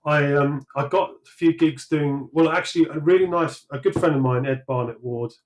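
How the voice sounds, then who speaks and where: A man's voice: on the high side, moderate pace, poor audio. A British man, likely in his thirties, talking through his career in a casual interview, rambling with many fillers and restarts. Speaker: sculptor guest.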